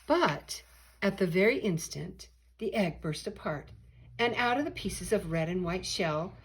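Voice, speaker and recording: An older woman, a grandmother, reading a rhyming picture book aloud with lively expression. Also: a little high. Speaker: storyteller.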